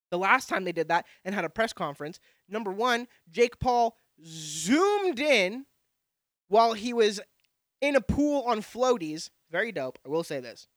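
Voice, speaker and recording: A man's voice: high-pitched, a bit bright, no room sound, clean studio sound. A young man hosting a podcast, ranting in a brash, rambling and profane way. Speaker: podcast host. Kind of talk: profane casual monologue.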